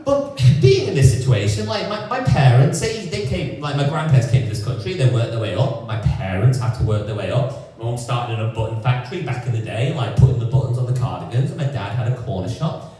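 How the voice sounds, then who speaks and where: A man from England doing a stand-up comedy set, sardonic and lively, putting on voices for the people he quotes. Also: medium pitch, fairly quick, faint music behind. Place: comedy club stage. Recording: roomy echoing club sound from a distance.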